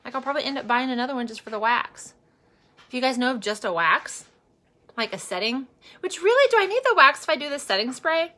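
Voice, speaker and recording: A chatty woman in her forties vlogs her makeup routine, wandering off into personal stories. Her voice sits a little high and rings bright and forward. She talks casually, full of fillers, and turns earnest when she speaks about faith. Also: sing-song, quick pace. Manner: chatty and rambling, with many fillers. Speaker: makeup vlogger and direct seller.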